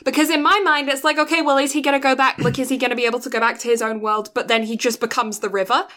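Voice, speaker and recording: A woman co-hosting a casual podcast, retelling a film's plot in an animated way with quick quoted voices. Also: high-pitched. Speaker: podcast co-host. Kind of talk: casual film recap chat.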